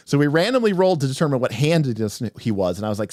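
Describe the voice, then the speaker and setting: A man narrating a tabletop game story on a livestream as game master, animated and rambling with restarts. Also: medium pitch, racing, hardly any pauses, no room sound, clean studio sound.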